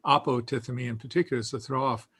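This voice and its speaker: A man teaching a beginners' Greek class in a slow, patient, explanatory way, with frequent fillers. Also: mid-range voice, steady tone, a bit bright, breathy edge. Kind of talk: casual teaching.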